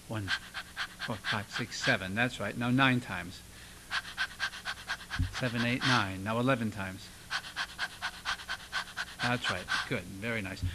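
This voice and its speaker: A man's voice: mid-range voice, very noisy. A male voice teacher giving a singing lesson, encouraging and demonstrating sounds for his student. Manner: encouraging, coaching with vocal demonstrations. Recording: loud piano music behind.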